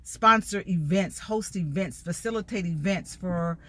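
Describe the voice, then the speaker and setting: A woman's voice: lowish voice, unhurried, fairly bright tone, dry recording. A middle-aged woman, a life coach, giving an emphatic motivational talk in a repetitive preaching cadence. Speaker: life coach and empowerment speaker.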